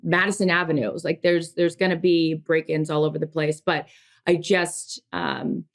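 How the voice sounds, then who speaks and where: A woman's voice: deep voice, level tone, normal speed. A woman in her thirties co-hosting a podcast, talking in an emotional, rambling way with many restarts. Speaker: podcast co-host. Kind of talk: casual podcast chat.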